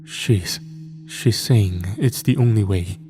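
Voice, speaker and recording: A man's voice: fairly low pitch, takes it slowly, mellow, faint music behind. A man voicing a terrified young male soldier who stammers and whispers in a trembling voice as he breaks down. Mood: hollow.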